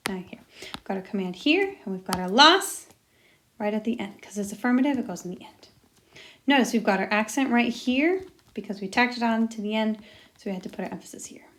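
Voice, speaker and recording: A woman teacher walking through a recorded lesson step by step, upbeat and encouraging. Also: on the high side.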